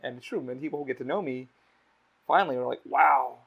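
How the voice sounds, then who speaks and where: A man hosting a casual podcast, telling stories in a blunt, animated way with a lot of swearing. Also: mid-range voice, fast talker. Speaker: podcast host. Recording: slightly dull lo-fi audio.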